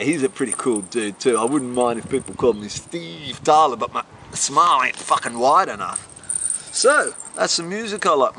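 A man's voice: medium pitch, sharp tone, a little hiss or hum. A middle-aged man being interviewed, rambling in a boisterous, swaggering and profane way. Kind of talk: rambling casual interview talk.

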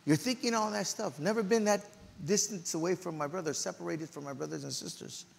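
A middle-aged man preaching in a church, telling a personal story with emotional, animated delivery and loud outbursts. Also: high voice, brisk, creaky, long reverb tail, slight background noise. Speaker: pastor. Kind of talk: storytelling sermon.

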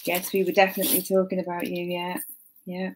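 A young woman casually chatting to a live stream while sorting jewellery, muttering soft asides to herself. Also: on the low side, completely flat delivery, fairly quick, a little hiss or hum.

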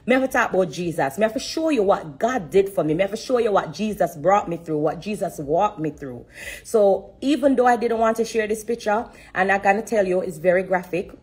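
A woman giving an earnest personal testimony on a live stream, repeating herself and pausing to hold back tears. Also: mid-range voice, breathy edge. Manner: earnest and repetitive, stopping to steady herself. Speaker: singer sharing a personal testimony.

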